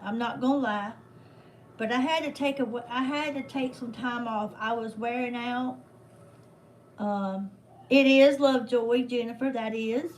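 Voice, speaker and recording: A woman's voice: on the high side, fairly even intonation, measured pace, a little hiss or hum, rough recording. An older woman, hosting a casual livestream in a rambling, heartfelt way with folksy religious phrasing. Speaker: livestream host.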